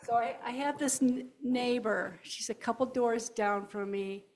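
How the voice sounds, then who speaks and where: A woman from the congregation giving a personal account in church, animated and a little nervous. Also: on the high side, a little slow, low-quality recording. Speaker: congregation member sharing a story. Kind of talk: personal testimony. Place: church sanctuary.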